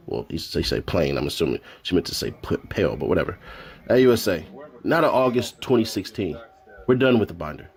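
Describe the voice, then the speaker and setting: Low-voiced man reading courtroom notes aloud. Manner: reads quotes aloud in raised voices, adds joking asides. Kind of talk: casual live-stream reading.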